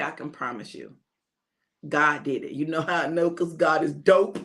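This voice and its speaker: A woman preacher giving an animated, emphatic sermon and addressing listeners as "baby". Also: fairly high pitch.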